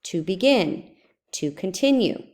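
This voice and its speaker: A woman's voice: medium pitch, lively intonation, measured pace, darkish tone. A woman teaching a writing lesson in a screencast, explaining step by step and repeating example sentences aloud.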